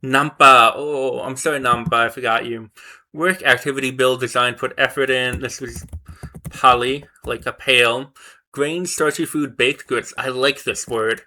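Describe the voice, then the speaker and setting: Bright-voiced man muttering through flashcards. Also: medium pitch, fairly even intonation, a little slow. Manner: muttering, self-correcting, repeating words to memorize them. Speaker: vlogger learning a language. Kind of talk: casual thinking aloud while studying flashcards.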